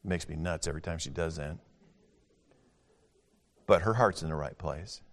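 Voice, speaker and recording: An older man preaching a sermon as pastor, folksy, moving between booming scripture reading and quiet, chatty asides. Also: normal speed. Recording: long hall reverb.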